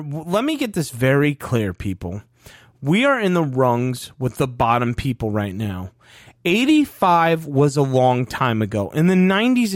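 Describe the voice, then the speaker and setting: A man's voice: sits high, no room sound, clean studio sound. A male podcast host ranting emphatically and swearing, fired up in heated sports talk.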